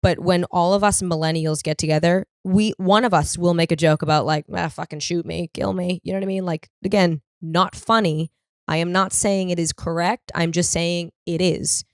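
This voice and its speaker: A woman's voice: on the low side, normal speed, clean tone, dry recording, studio quality. A woman in her thirties from the US East Coast, hosting a podcast as a rambling, profane comedic monologue and acting out other people's voices. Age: 30s. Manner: profane, rambling and animated, acts out quoted voices. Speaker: podcast host.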